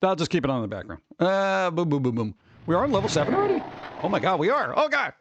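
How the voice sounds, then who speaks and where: Excitable high-voiced man streaming. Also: fast, lo-fi sound, noisy background. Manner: excitable and rambling, laughs often. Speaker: livestream host. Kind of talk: casual chat with live viewers.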